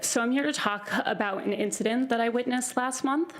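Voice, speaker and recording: Woman, public commenter, nervous and earnest, voice a bit high. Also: a little fast, slight background noise. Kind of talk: public comment at a board meeting.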